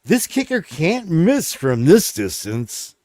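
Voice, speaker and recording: A man mimicking a football announcer with a drawn-out delivery. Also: a little high, huge pitch swings, a little mellow, no room sound, pitched above the performer's own voice, exaggerated voice. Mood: hyped. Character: male football announcer calling a kick.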